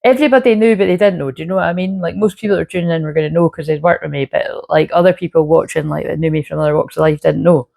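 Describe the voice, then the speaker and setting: A woman's voice: low voice, very fast, gravelly, hardly any pauses, mellow. A woman giving a casual, rambling astrology reading full of fillers. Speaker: spiritual reader.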